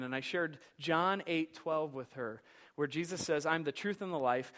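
A man preaching a sermon as pastor, telling a story with passion, swinging from hushed to loud. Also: a little high. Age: young adult.

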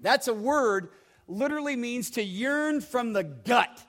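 A man's voice: extremely high pitch, lively intonation, unhurried, fairly bright tone. A man preaching a sermon in a conversational way, often repeating words and asking the congregation questions. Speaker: pastor.

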